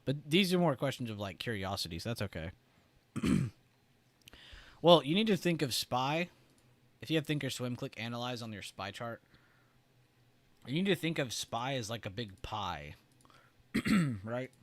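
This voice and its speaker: A man talking through a casual livestream in a loose, chatty way, leaning on "like" and "right?". His throat is irritated, and he keeps clearing it. The sound is dry and close, with mid-range pitch. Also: expressive, normal speed, pauses often, no room sound. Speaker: trading stream host.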